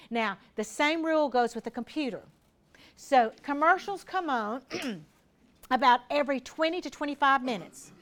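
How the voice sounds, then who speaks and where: Folksy woman giving a health talk. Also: sits high. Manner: folksy and conversational, asks the audience questions. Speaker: health educator speaking to a seniors group. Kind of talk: informal health talk to a live audience.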